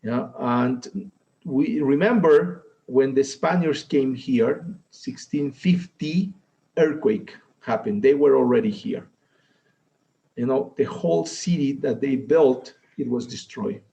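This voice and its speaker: A man, speaking as a guest in a halting way, pausing often to search for words. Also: mid-range voice, creaky, mellow, dull audio. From Peru. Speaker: guest, ceremony leader. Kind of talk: conversational interview.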